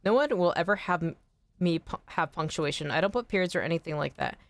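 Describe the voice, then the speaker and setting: An American woman chatting casually on a game stream, animated, swearing freely and laughing often. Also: on the low side, fast talker, dry recording. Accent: General American. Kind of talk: casual chat while streaming.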